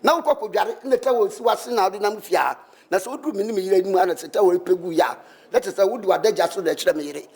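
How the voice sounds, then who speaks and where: A fast-talking, argumentative young man. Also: high-pitched, vocal fry, a little mellow, reverberant. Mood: arguing. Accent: Ghanaian. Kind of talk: Ghanaian film acting.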